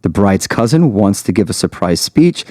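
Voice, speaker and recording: A playful man hosts a casual podcast chat, teasing his guest. His voice sits a little low but moves around a great deal. It is recorded dry, close to the mic. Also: very animated, moderate pace, dark tone, no echo. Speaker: podcast host, wedding MC.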